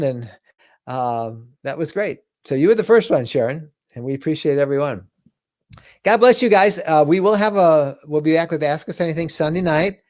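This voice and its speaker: A man's voice: a little high, darkish tone, no echo, clean studio sound. A middle-aged man hosting a live RV question-and-answer stream, chatty and upbeat, thanking viewers by name. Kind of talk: casual live-stream chat.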